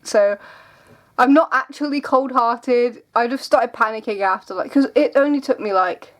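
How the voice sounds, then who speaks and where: A woman's voice: fairly high pitch, moderate pace. A young woman vlogging at home, telling stories in a rambling, giggly way. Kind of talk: casual vlog chat.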